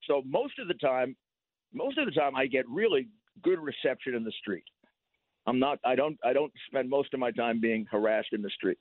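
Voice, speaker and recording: An older man, a guest in a casual interview, talking haltingly, repeating words and laughing through his stories. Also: medium pitch, lively intonation, dry recording. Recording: dry, thin phone-like line.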